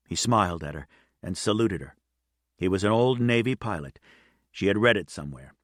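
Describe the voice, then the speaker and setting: A man narrating a novel in an even, measured reading. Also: low voice, dry recording, studio quality. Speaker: audiobook narrator. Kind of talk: scripted narration.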